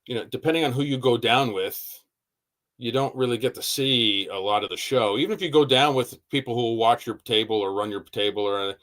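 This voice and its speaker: A man's voice: medium pitch, fairly quick, fairly bright tone. A man telling stories in casual podcast chat, swearing freely and acting out what people said. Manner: swears freely, tells stories with quoted asides. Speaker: knife maker guest.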